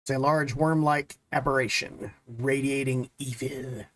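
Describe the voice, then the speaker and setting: A game master narrating an online tabletop session through a voice chat mic. The delivery is loose and quick-witted, mixing monster descriptions with offhand jokes. The voice sits at a middling pitch. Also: steady tone, a bit bright.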